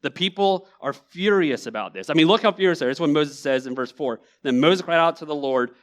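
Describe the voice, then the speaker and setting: A young man delivers a church sermon in a relaxed, talky way. He jumps up high when he acts out the people in the story, then drops low again. His voice sits a little high for a man. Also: brisk, few pauses. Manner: conversational, animated preaching with acted-out quotes. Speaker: pastor. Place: church sanctuary.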